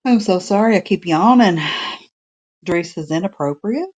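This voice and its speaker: A woman's voice: mid-range voice, expressive, moderate pace, a little mellow. A woman co-hosting a casual livestream chat, joking and laughing. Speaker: co-host.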